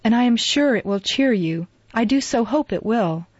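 A woman voicing a gentle remorseful young woman for an audiobook; dull, dry recording. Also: medium pitch, moderate pace, no echo, lightly acted. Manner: soft, kindly, hasty when pressed.

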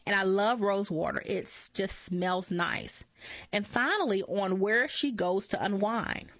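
A woman reading magazine articles aloud at an unhurried pace, often stumbling over words and correcting herself. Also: medium pitch, fairly bright tone, dry recording. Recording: dull lo-fi dry recording.

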